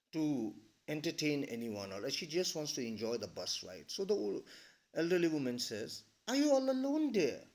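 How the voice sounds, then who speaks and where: A man, reading a story aloud and explaining it to a class, often checking in with "all right?". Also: a little high. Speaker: English teacher.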